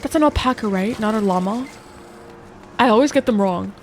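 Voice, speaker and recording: A woman streaming a game, chatting casually with viewers, excitable and swearing a lot. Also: on the high side, moderate pace, slight background noise. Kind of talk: casual live-stream chat. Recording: faint music behind.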